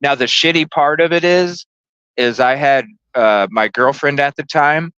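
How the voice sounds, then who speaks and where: A man's voice: on the high side, unhurried, fairly bright tone, clean tone, no room sound, highs cut off. A man hosting a podcast, telling a story casually and animatedly, swearing and acting out the voices. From lived in Chicago. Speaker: podcast host.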